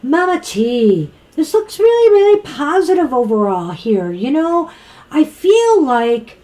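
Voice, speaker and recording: A woman's voice: sits high, big pitch swings, slow pace, dark tone. A woman co-hosting a tarot reading show, giving chatty, reassuring advice with lots of "you know". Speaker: tarot reader co-host. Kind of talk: casual tarot reading chat.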